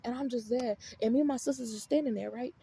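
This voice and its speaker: Sex: woman. Role: vlogger. Style: storytime rant. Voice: high and husky. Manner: heated, profane, emphatic. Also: quick pace, dark tone.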